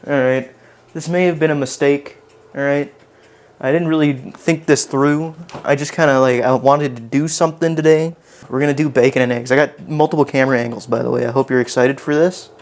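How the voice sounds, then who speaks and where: This man's medium-pitched voice holds a steady tone and moves a little fast. He rambles to his chat while cooking live from his home kitchen, teasing himself as he goes.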